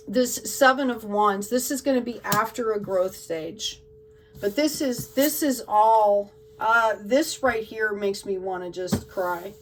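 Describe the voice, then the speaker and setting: A woman's voice: mid-range voice, far from the mic, a little hiss or hum, low-quality recording. A woman giving a tarot card reading to her viewers in an emotional, gushing way, often checking in with "okay?". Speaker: tarot reader.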